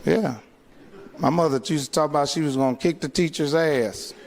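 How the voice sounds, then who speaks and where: High-voiced man doing profane stand-up. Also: moderate pace, some chatter behind, slight background noise. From Indiana, US. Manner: profane, animated, acts out the people in his stories. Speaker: stand-up comedian. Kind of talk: stand-up storytelling. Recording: live hall recording with long reverb.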